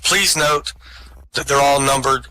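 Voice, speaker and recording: Bright-voiced man telling jokes. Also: medium pitch, fairly even intonation, measured pace, a little hiss or hum, poor audio. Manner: storytelling jokes, chuckles at own punchlines. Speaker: stand-up comic. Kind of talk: telling jokes at an online open mic. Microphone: home microphone, online voice chat.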